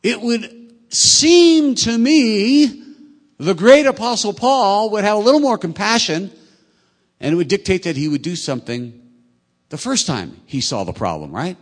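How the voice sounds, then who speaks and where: A man's voice: high voice, very animated, a little slow. A man preaching a sermon as a pastor in a conversational way, often asking his listeners rhetorical questions. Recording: echoey hall.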